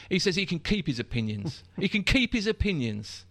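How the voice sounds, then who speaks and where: A man's voice: sits high, sing-song, a little fast, hardly any pauses, bright, forceful tone, no room sound. A man hosting a casual football podcast, ranting indignantly and repeating points for emphasis. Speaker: podcast host.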